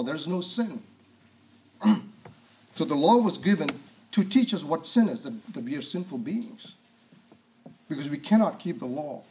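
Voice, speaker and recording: A man preaching a sermon, reading scripture aloud, asking rhetorical questions and often clearing his throat. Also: a little high, darkish tone.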